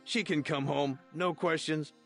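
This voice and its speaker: An actor playing a tired, worried middle-aged hotel owner in a video game, with a pleading manner. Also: male voice, fairly high pitch, steady tone, measured pace, a bit bright, soft background music. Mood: weary.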